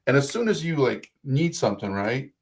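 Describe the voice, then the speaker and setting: A man's voice: medium pitch, animated, normal speed, creaky. A man in his thirties with an Eastern European accent, a guest telling his story in a loose, rambling, self-deprecating way. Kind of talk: casual interview chat.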